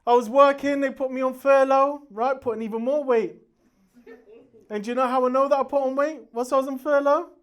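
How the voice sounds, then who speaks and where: A man doing a stand-up comedy routine on stage, loud and brash, laughing at his own jokes. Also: very high voice, steady tone, a little fast, smooth.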